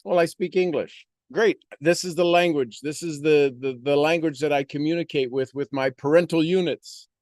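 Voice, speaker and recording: A man's voice: a little high, steady tone, moderate pace, hardly any pauses, a little mellow, no room sound, studio quality. A man giving a motivational monologue on a live stream, preaching with repeated rhetorical questions.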